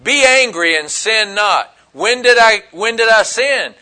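A man's voice: high-pitched, lively intonation, measured pace, sharp tone, clear, resonant tone. A man preaching a sermon in a folksy, emphatic way, full of rhetorical questions. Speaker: pastor.

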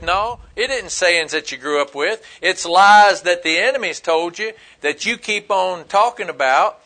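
A man's voice: high-pitched, animated, unhurried, few pauses, bright, forceful tone. A man preaching a sermon in a folksy, emphatic way, full of rhetorical questions. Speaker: pastor.

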